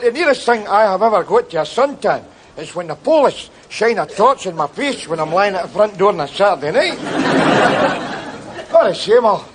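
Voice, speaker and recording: A man's voice: sits high, noisy background. An actor playing a boastful Glaswegian man on holiday, chatty and laughing in a sitcom. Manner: boastful, chatty, laughing, full of "you know" and "eh". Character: cocky Glasgow man on a sunny holiday. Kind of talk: sitcom acting.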